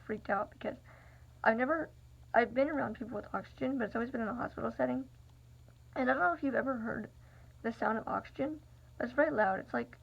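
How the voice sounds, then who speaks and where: Gravelly young woman telling a story. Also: on the high side. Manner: rambling, filler-heavy, confiding. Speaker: vlogger. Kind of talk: personal storytelling. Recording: dull lo-fi recording.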